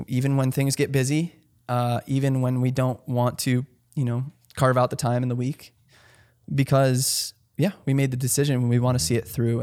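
A man's voice: medium pitch, a little mellow. Earnest rambling male podcast co-host. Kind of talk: casual podcast chat.

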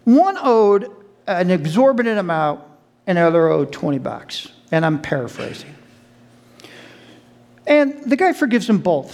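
A man's voice: fairly high pitch, measured pace. A man preaching a sermon as a pastor, telling the story animatedly and speaking straight to the congregation. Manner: animated storytelling, acting out quoted voices; addresses the congregation directly.

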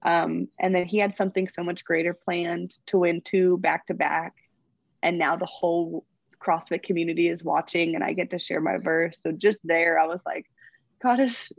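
A young woman with a low, gravelly voice talks in a chatty, gushing way and gets emotional at times. The sound is dry and a little dull, as if recorded on modest gear. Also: no echo. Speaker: interviewed athlete. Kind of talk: casual interview.

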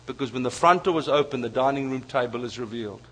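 A man preaching a sermon, telling family stories with lively asides to the audience. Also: mid-range voice, fast talker. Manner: storytelling, animated asides to the audience. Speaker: pastor.

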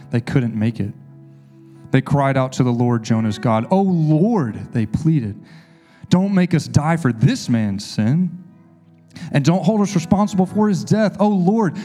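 A man reading scripture aloud in a steady, measured way to a congregation. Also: medium pitch. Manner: steady, measured reading with raised voice for quoted speech. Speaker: scripture reader.

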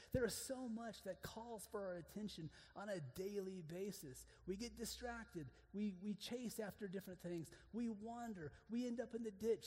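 A man preaching an earnest sermon to other men, moving between hushed, intimate passages and emphatic declarations. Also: sits high, big-room sound.

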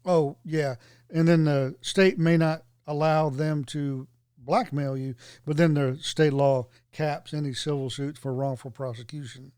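A man's voice: on the high side, steady tone, measured pace, a little mellow, smooth, dry recording, studio quality. A man talking in an easygoing way, full of fillers, in casual chat. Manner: easygoing, filler-heavy talk.

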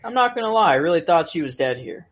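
A man's voice: fairly high pitch, sing-song, fast talker. A man in casual chat, musing about a show and saying "like" and "bro" often. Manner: musing, says "like" and "bro" a lot.

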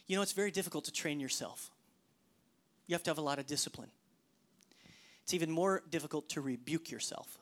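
A middle-aged man delivers a sermon in the manner of a working pastor. His delivery swings from loud, emphatic bursts to hushed, whispered asides. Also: on the high side, a little fast, long pauses.

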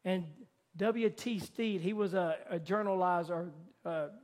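A man pastor preaching a sermon, moving from hushed, tender passages to loud, rising fervor. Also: sits high, unhurried.

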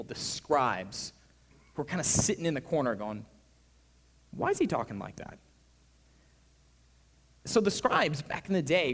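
A man preaching a sermon as pastor, animated, his voice swinging between hushed and loud. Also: fairly high pitch. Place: church. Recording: reverberant church hall.

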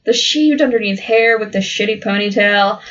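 A woman's voice: mid-range voice, moderate pace, a bit bright, highs cut off. Blunt, profane woman podcast host. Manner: blunt and profane, laughs often. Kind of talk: casual wrestling banter.

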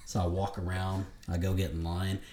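Podcast host, male, deep dark voice, quick profane storyteller, echoey room. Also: level tone. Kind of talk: casual storytelling chat.

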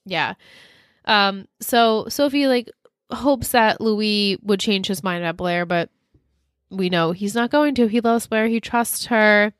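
A woman co-hosting a podcast chats animatedly and casually about a TV episode, acting out its lines as she recaps. Her mid-range voice is clean-toned and she takes her time. The sound is dry and clean, as from a studio.

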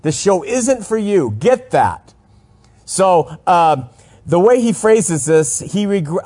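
A man hosting a religious call-in program. His voice sits a little higher than usual, and he talks earnestly, pressing each point with emphasis. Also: big pitch swings, takes it slowly, mellow, husky. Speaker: radio call-in show host. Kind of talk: call-in radio talk, religious commentary.

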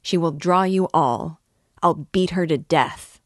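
A drunken, cruel peasant man bellows his words in a storybook reading, as a woman narrator puts him on. The voice stays low and unhurried under the shouting, recorded dry and close. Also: dry recording. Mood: furious. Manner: shouting, louder and a bit higher than her narration. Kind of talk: audiobook reading.

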